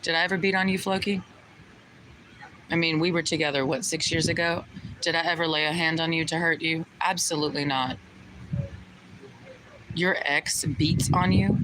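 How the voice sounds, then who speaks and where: A woman's voice: sits low, steady tone, moderate pace, pauses often, poor audio. A young woman talking to her chat on a livestream, indignant and profane, firing the same rhetorical questions again and again. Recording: loud vehicle noise behind.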